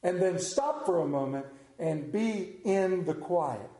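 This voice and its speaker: A man preaching a sermon as pastor, conversational and joking, often dropping to a hushed voice. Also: sits high, lively intonation, takes it slowly. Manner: humorous, conversational preaching with sudden hushed drops. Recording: roomy church echo.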